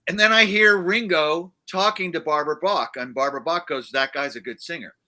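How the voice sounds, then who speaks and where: A man's voice: on the high side, a little fast, pushed and bright. A man, a guest musician, telling a rambling story in casual chat on a livestream, with many fillers and restarts. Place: livestream studio.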